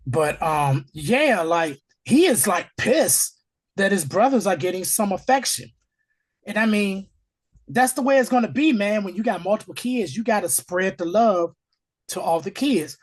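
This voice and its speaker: A man hosting a podcast, hoarse from allergies, recapping a TV episode in a casual, animated way and acting out the scenes in voices. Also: high-pitched, a little slow. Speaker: podcast host.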